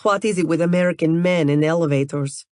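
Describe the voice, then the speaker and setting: A woman voicing a flirtatious female Russian model, with a put-on Russian accent and a slow, purring, teasing delivery. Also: deep voice, darkish tone, no room sound, clean studio sound, natural voice. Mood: playful.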